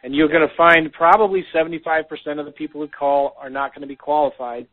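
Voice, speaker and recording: A man's voice: a little high, steady tone, fast talker. A man co-hosting a casual business talk, giving practical advice with frequent "um" fillers, heard over a phone line. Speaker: podcast co-host.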